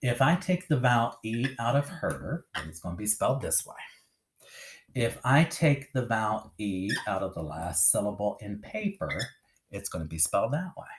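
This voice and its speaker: A man teaching a phonics lesson on a video, speaking in a lively sing-song teacher voice and often checking in with "okay?". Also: fairly low pitch, normal speed, slight background noise.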